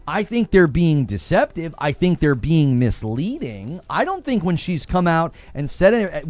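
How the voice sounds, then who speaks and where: A man's voice: on the high side, no echo. A man hosting a gaming commentary livestream, ranting in an indignant, combative way. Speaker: livestream host.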